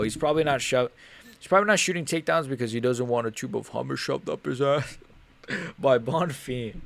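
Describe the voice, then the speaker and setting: A man's voice: medium pitch, gravelly. A young man casually commentating a live fight on a stream, swearing and getting worked up, often grumbling under his breath. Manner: casual, swearing, animated and frustrated. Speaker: MMA streamer.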